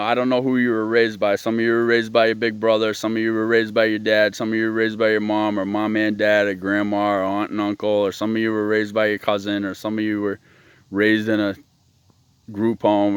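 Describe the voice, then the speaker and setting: A man's voice: lowish voice, clean tone, no room sound. A man hosting his own show, ranting in a blunt, profane, rambling monologue. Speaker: host.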